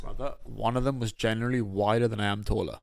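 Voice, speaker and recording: A man who is a guest on a casual podcast and tells animated stories. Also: lowish voice, quick pace, gravelly. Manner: animated storyteller. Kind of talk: casual chat.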